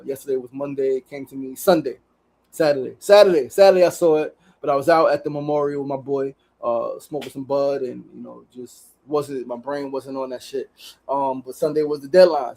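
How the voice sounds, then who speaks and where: A man's voice: medium pitch, creaky, a little mellow. A man hosting his daily show, talking casually and emphatically, repeating himself and swearing freely as he motivates listeners. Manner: profane, repetitive, emphatic. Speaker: podcast host. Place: studio.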